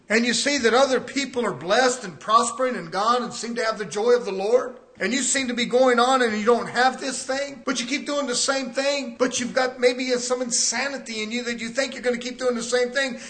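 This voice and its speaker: Fervent, high-voiced male preacher. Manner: fervent, rising to shouts. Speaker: pastor. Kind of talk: sermon.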